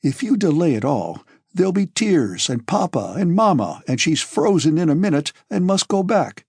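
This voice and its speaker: A man narrating an audiobook, voicing a bold, scheming officer who gives orders briskly. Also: a little high, very animated, creaky, husky, no echo, clean studio sound, pitched above the performer's own voice, exaggerated voice. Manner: brisk, commanding, shouts orders. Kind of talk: audiobook character voice.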